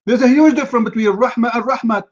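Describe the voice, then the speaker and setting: A man's voice: very high-pitched, quick pace, lo-fi sound. A man hosting a live online debate, mocking and lecturing his opponent in a combative way. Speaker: debate host.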